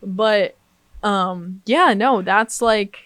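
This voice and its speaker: A woman's voice: medium pitch, extremely slow, no room sound. A young woman from the New York suburbs with a New York accent, telling stories in casual chat, full of "like" and swearing freely. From New York suburbs, USA. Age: young adult. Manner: animated storytelling, heavy "like", swears freely. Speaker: guest.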